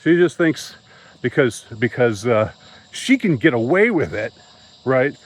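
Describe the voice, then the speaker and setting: A man's voice: mid-range voice, big pitch swings, low-quality recording. A man vlogging an upset, rambling monologue to camera, stumbling and repeating himself as he talks. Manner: agitated, halting, repeats himself.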